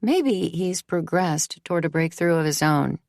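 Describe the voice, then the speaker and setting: Low, slow female audiobook narrator. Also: creaky, no echo, clean studio sound. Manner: measured, even storytelling. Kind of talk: scripted narration.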